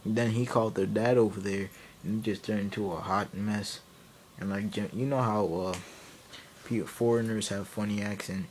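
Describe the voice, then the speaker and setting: A man's voice: on the low side, steady tone, normal speed, slight background noise. A man telling a comic story, rambling and laughing, often cutting himself off mid-sentence. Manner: rambling, laughing, self-interrupting. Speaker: vlogger. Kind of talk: comedic storytelling.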